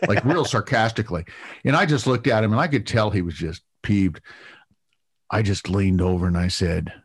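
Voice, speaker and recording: A middle-aged man telling a lively story in an interview, full of fillers, repeated words and restarts. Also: on the low side, fairly quick, breathy edge. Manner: animated anecdote-telling with many fillers and restarts. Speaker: TV producer guest.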